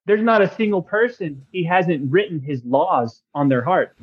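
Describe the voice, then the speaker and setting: A man guest on a podcast, telling a personal faith story in an earnest, excitable way with casual slang. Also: fairly high pitch, normal speed, slightly rough, lo-fi sound. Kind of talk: casual testimony chat.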